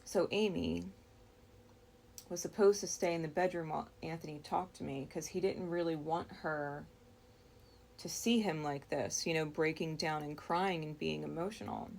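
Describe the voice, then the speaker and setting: A woman slowly and reflectively recounting a dream, pausing often and restarting her words. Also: low-pitched, fairly even intonation, vocal fry, darkish tone, a little hiss or hum. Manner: slow, reflective, with frequent pauses and restarts. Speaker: storyteller.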